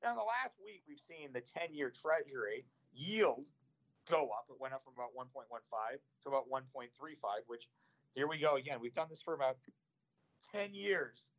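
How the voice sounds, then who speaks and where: A man who manages investments, talking about markets in an animated, exasperated way. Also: medium pitch, normal speed, highs cut off. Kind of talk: casual finance chat.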